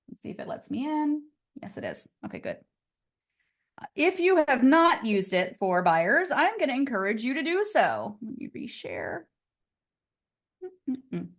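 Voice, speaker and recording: A woman teaching a casual live online class on real estate, chatty and upbeat and often laughing, on a computer mic over a video call. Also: medium pitch.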